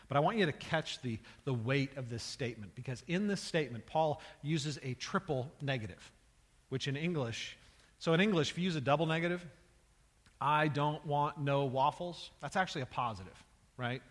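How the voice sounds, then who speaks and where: A man's voice: medium pitch, animated, fairly quick, big-room sound. A male pastor preaching a sermon with an emphatic manner, often repeating words and building in intensity.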